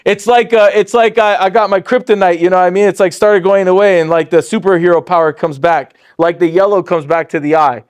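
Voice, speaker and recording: Delivering a lively motivational talk on sales, a man in his forties jumps higher in pitch when excited and drops down to quote others. He talks fairly quickly, pausing little, in a clean tone.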